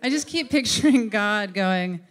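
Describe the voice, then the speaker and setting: A woman's voice: mid-range voice, expressive, unhurried. A woman telling a confessional monologue, wry and laughing through grim news.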